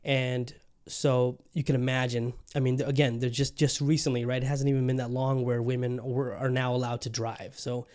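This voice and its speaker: Male podcast host, mellow, rambling, swears casually, many fillers. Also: mid-range voice, little pitch movement, moderate pace, few pauses.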